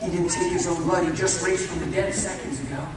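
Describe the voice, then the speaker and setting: A man preaching a fervent sermon, swinging from shouts to hushed intensity and speaking folksily to his listeners. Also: high voice, fairly even intonation, fast. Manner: folksy, addresses listeners as "brother". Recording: echoey hall, mic far off, faint noise.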